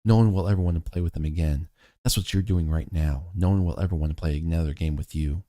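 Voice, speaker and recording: A man in his thirties talking earnestly to camera, telling a family story in a measured, reflective way. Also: sits low, warm tone, no room sound, studio quality. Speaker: motivational vlogger.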